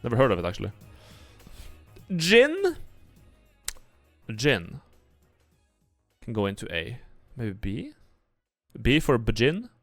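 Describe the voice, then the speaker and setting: A young male streamer whose voice swings up and down in a lively way as he thinks aloud, blunt and profane. Soft music plays faintly underneath. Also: fairly low pitch, moderate pace, pauses often, no echo. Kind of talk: casual livestream commentary. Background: faint background music.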